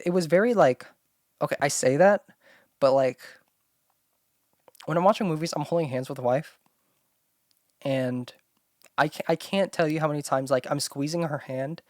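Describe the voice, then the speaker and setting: A woman's voice: deep voice, darkish tone, no echo. Rambling young woman, dry close sound. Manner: rambling with constant "like", blunt and swearing. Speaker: solo podcast host. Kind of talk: casual talking-to-camera chat.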